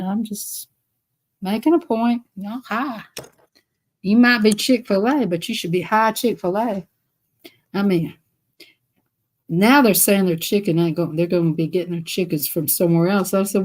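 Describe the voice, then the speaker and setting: A woman's voice: mid-range voice, expressive, unhurried. Chatty Southern woman telling stories. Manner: chatty, rambling, laughing between phrases. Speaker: live streamer. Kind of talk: casual storytelling to viewers.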